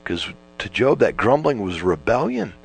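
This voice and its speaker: A man's voice: on the low side, very animated, normal speed, creaky, slightly rough, rough recording. A man giving an informal Bible teaching, folksy and repetitive, restarting phrases and driving points home. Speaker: preacher.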